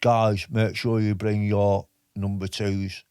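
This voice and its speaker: A gruff army instructor barks orders in a clumsy Liverpool accent, put on by a man. The voice sits low and is heard up close with no room sound. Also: flat delivery, slow pace, darkish tone, no room sound. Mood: ordering. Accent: Liverpool, attempted. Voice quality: a self-admitted poor put-on accent.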